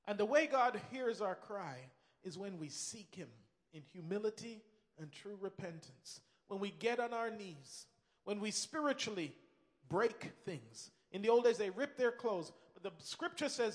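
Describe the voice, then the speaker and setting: High-voiced preacher man in an echoing hall. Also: animated, measured pace, a bit bright. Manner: emphatic, repeats key phrases, acts out quoted voices. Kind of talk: sermon.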